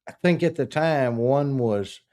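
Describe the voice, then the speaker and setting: A middle-aged man with a drawl hosts a casual true-crime podcast discussion, his dark, mellow, medium-pitched voice moving at an unhurried, deliberate pace. He's animated, stressing key words and restarting sentences as his indignation builds, slow and emphatic throughout.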